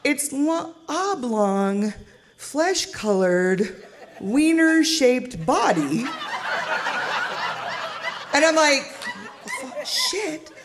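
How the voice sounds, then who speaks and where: A woman's voice: high voice, sing-song, drawn-out words, pauses often, a little hiss or hum. A middle-aged woman from the Pacific Northwest, telling a comic true story on stage, chatty and laughing as she acts out the quotes. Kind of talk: live comedic storytelling.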